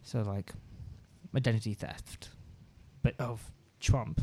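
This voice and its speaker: A man's voice: mid-range voice, a little slow, gravelly, long pauses, a little mellow, slight background noise. A man hosting an improv party game, chatting and joking as he goes. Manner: chatty, jokey, rambling.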